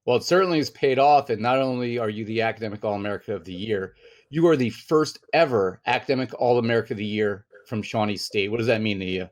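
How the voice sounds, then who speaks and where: A man's voice: on the low side, fast. A man hosting a formal award interview, speaking with a polished, announcer-like delivery. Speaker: interviewer, university communications director.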